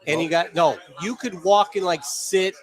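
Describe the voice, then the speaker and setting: A man's voice: sits high, moderate pace. A man hosting a live cigar show, talking with enthusiasm and heaping on praise. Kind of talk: casual chat.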